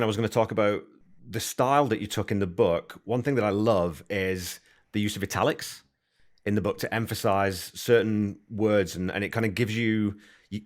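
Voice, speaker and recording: A man hosting a podcast interview, enthusiastic and conversational, thinking aloud as he asks questions. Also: lowish voice. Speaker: podcast host. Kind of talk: casual interview chat.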